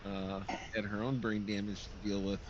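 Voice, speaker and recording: A man chatting casually on a podcast, slow and hesitant with many fillers. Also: fairly low pitch, little pitch movement. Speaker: podcast co-host. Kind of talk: casual chat. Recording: lo-fi voice chat with faint noise.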